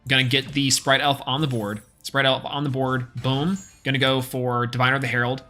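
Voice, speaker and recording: A man's voice: mid-range voice, level tone, fairly quick, bright, forceful tone, soft background music. A man streaming a card game live, giving casual, chatty play-by-play and thinking aloud as he plays. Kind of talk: live gameplay commentary.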